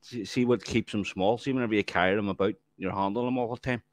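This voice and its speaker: A man's voice: fairly low pitch, steady tone, fast, no room sound. A man telling rambling stories in a casual group chat, swearing freely and saying "mate" at every turn. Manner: rambling storyteller, swears a lot, says "mate" constantly. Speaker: livestream chat participant.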